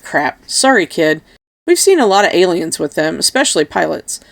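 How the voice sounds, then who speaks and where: Brash, foul-mouthed mercenary sergeant, voiced by a woman reader, gravelly and dry. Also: lowish voice, big pitch swings, moderate pace, dry recording. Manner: brash, teasing.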